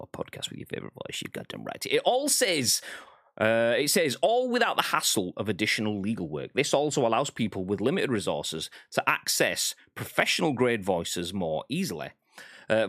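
A man's voice: medium pitch, a bit bright, dry recording, studio quality. A British man hosting a gaming news podcast, reading articles aloud and reacting bluntly. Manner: blunt, exasperated commentary. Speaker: podcast host.

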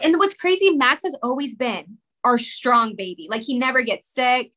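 A woman in her thirties, a guest on a talk show, telling an emotional personal story in a rushed, rambling way full of "like". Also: high voice, fairly bright tone. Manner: rushed, rambling, many "like" fillers. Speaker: podcast guest, mother.

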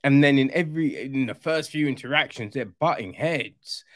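Speaking at normal speed in a medium-pitched voice, a man delivers a loose, rambling film review full of restarts, sarcasm, disbelief and free swearing, checking in with "right?" again and again. The sound is dry and studio quality.

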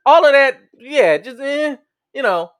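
A man co-hosting a casual podcast chat, talking in a profane, animated way and laughing often. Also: very high voice, a little slow.

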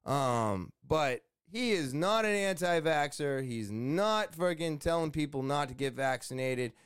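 A man's voice: fairly high pitch, expressive, unhurried, smooth, dry recording, clean studio sound. A man hosting a podcast, talking in a rambling, blunt way with swearing and lots of fillers. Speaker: podcast host. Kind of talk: casual podcast rant.

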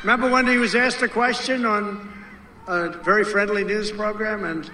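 A man's voice: high-pitched, fairly even intonation, normal speed, bright, forceful tone, roomy sound, slight background noise. A man giving a rally speech, emphatic and repetitive, mocking the people he quotes.

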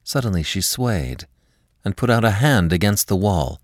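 A man hosting a podcast, narrating a classic story in an expressive, dramatic storytelling manner. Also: fairly low pitch, moderate pace, no room sound, studio quality. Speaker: podcast host and reader.

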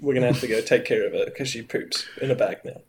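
A man in casual chat, eagerly pitching ideas with a dark sense of humor. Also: quick pace, slight background noise.

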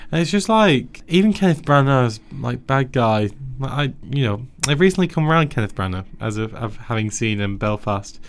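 A man in casual film chat on a podcast, teasing and quick to laugh. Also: medium pitch, expressive.

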